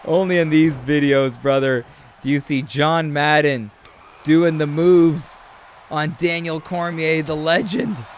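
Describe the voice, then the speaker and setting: A man with a slightly higher voice commentates a video game match in a chatty, storytelling way. He breaks into animated shouts now and then. A faint room noise sits under the voice. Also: takes it slowly. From Canada. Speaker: host.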